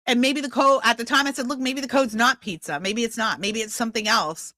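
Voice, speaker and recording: A woman in her fifties hosts her podcast with impassioned, confrontational commentary. Her voice is bright and sharp, a bit high for a woman. It is recorded dry on a close mic. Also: fairly quick, no room sound. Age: 50s. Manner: impassioned, confrontational, shifts into loud outbursts. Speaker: podcast host.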